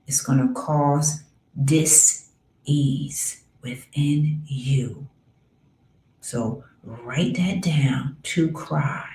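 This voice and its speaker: A woman with a low voice hosts a healing podcast, talking slowly and earnestly. She repeats her points for weight, calls listeners dear ones and sometimes sinks into a whisper. The sound is roomy and echoey. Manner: drops to soft whispers on key words. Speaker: podcast host, spiritual healer. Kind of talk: slow, earnest spiritual talk.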